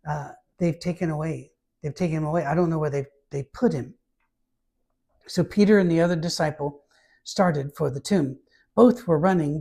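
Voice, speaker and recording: A man's voice: a little high, a little mellow, breathy edge. A man, a pastor reading scripture aloud and breaking off to comment casually in a Bible study. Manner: reads scripture aloud, then breaks off to comment with asides and light humor. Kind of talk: conversational Bible teaching.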